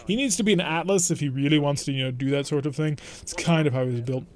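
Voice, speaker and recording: Wry young male streamer, slightly high voice, chatty play-by-play with mock exasperation. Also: fast, a little mellow. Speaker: gaming streamer. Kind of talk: let's play gameplay commentary.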